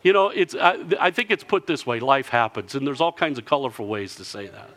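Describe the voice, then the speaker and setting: A man preaching a sermon, telling a story with lively delivery and answered by the congregation. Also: medium pitch, fairly quick. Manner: lively storytelling, acting out villagers in character.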